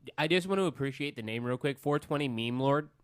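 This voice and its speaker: A man's voice: mid-range voice, quick pace, smooth. A man co-hosting a live talk show, joking around and reading out names from the chat. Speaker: co-host. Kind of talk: casual live-stream chat.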